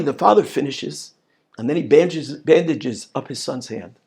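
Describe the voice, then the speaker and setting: Male rabbi teaching, emphatic, lively high pitch, gravelly. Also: normal speed. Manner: emphatic, repeats words, rhetorical questions. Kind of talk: Torah lesson.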